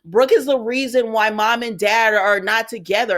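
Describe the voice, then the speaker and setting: A woman's voice: a little high, fairly even intonation, moderate pace, a bit bright. A woman recapping a soap opera in casual chat, sassy and talking back to the characters.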